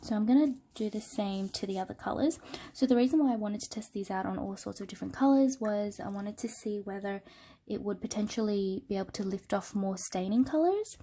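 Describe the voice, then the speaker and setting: A woman with a cold gives a casual, unscripted product review into a smartphone. Her voice is nasal and her tone is warm and mellow. She talks through her work loosely, with frequent ums and pauses. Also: mid-range voice, slight background noise. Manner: relaxed, thinking aloud with many ums while working. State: sick with a cold. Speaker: art channel host.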